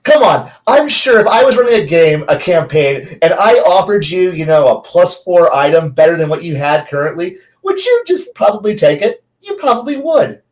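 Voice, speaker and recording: A man co-hosting a gaming podcast, chatting casually in a rambling, animated way. His voice sits fairly high for a man, and he keeps restarting sentences as he goes. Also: moderate pace, hardly any pauses, poor audio. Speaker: podcast co-host. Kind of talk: casual chat.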